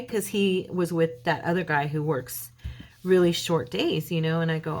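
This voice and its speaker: A woman hosting a craft channel, telling a long story casually while she works, acting out the quoted lines in a brighter, higher voice. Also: moderate pace. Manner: chatty retelling, acting out quoted dialogue in a lifted voice; loose, rambling, with fillers and restarts. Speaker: mixed-media craft channel host.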